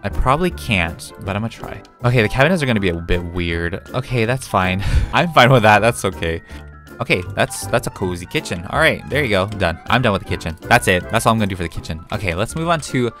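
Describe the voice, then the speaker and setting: Excitable young man narrating a build. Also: lowish voice, fast, faint music behind. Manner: chatty and excitable, with gasps and squeals. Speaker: game building video creator. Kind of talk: casual gameplay commentary.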